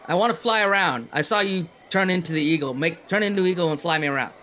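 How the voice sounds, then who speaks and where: A man's voice: on the high side, fast, sharp tone, a little hiss or hum, pitched above the performer's own voice. A man voicing a pushy, whiny young human boy in a tabletop game. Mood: whining. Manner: demanding, whining.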